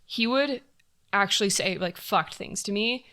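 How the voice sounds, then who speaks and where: A woman's voice: medium pitch, unhurried, pushed and bright. A young woman telling a personal story on a podcast in a candid, casual way, full of fillers and blunt swearing. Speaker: podcast guest.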